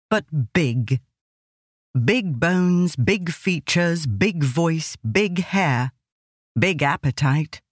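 Reading scripted narration for an audiobook, a woman tells the story in a measured, expressive way at a fairly low pitch. There's no room sound, and the studio audio is clean.

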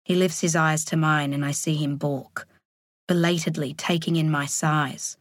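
A woman narrating a thriller audiobook in a measured, deliberate way. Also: deep voice, fairly even intonation, no echo, studio quality. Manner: measured, slowing on tense moments.

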